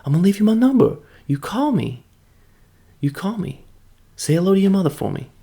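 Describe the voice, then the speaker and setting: A pushy, overexcited male movie star, as a man puts him on, his voice pitched high and loud. He rattles off offers fast and chummy, with a gravelly edge under the strain. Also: sing-song, exaggerated voice. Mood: pushy excited.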